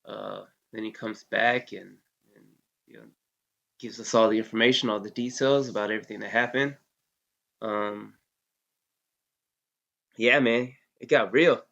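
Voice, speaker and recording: A relaxed male army veteran with a low, gravelly voice, recounting a story in loose casual talk. He leans on fillers and swears freely. The sound is dull and lo-fi. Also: a little slow, long pauses. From United States. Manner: laid-back, heavy with fillers like "you know", curses freely. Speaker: interview guest, Army veteran.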